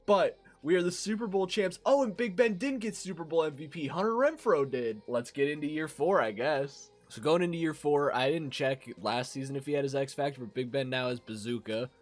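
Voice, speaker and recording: A young man with a raspy voice from a cold, commentating a football video game and yelling at big plays. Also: a little high, fairly quick, hardly any pauses, soft background music. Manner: excitable, yells at big plays. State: hoarse from a cold. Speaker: gaming commentator.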